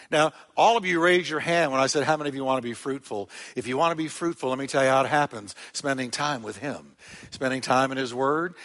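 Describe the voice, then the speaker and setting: A man preaching a sermon to his congregation, telling the story with animated emphasis and loud, emphatic peaks. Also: fairly high pitch. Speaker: pastor. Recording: long hall reverb.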